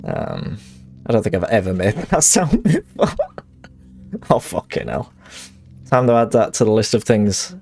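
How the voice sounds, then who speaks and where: A man's voice: on the low side, big pitch swings, measured pace, long pauses. A man streams a game live and talks through it as he plays. His voice swings wildly up and down between cries and mutters, and he laughs and swears often. Faint music plays under his voice. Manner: swearing, laughing, reacting loudly. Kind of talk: live gameplay commentary.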